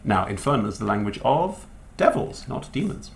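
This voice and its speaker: Very deep-voiced British woman narrating a game. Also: very animated, moderate pace, gravelly, slight background noise. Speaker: dungeon master.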